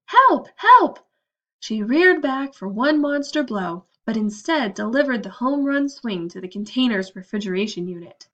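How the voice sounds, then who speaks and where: Storybook narrator, woman, steady and expressive; fairly high voice, slightly muffled take. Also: moderate pace, hardly any pauses. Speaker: audiobook narrator.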